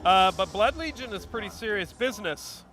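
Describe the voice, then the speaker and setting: A man's voice: sits high, animated, moderate pace, bright, forceful tone. A man co-hosting a live event stream, chatting casually in a rambling, joking way outdoors. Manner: joking, rambling, lots of fillers. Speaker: stream co-host. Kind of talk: casual pre-show banter.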